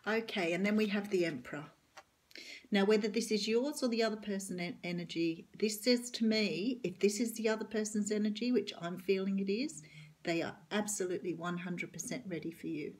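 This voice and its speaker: A middle-aged Australian woman with a husky voice, giving an earnest, reassuring tarot reading straight to the camera. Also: mid-range voice, fairly quick. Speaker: tarot reader.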